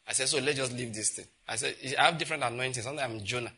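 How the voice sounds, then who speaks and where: A middle-aged Nigerian man preaching a sermon, telling stories and acting out conversations in an animated way. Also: racing, slightly rough. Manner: animated storytelling, acts out exchanges with rising pitch and laughter. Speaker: pastor.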